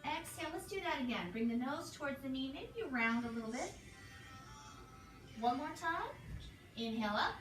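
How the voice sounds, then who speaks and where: A woman leading a yoga class, calmly counting breaths and cueing each pose. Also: high-pitched, normal speed, long pauses, far from the mic. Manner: calm, counts breaths and cues poses. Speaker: yoga instructor. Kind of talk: guided yoga class instruction. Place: hotel room. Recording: echoey room, voice from afar, music behind.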